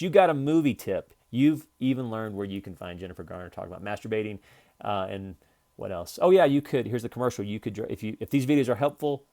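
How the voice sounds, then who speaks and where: Male trading instructor, low-pitched, casual and wandering, records from his computer. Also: a little mellow. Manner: loose, jokey, rambling with fillers and restarts. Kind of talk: casual screen-share trading lesson.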